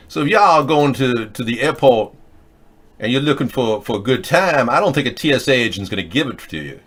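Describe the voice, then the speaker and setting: A man's voice: medium pitch, lively intonation, brisk, fairly bright tone. Guy hosting a political show, rambling and sarcastic, normal mid voice. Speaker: host. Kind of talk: political commentary.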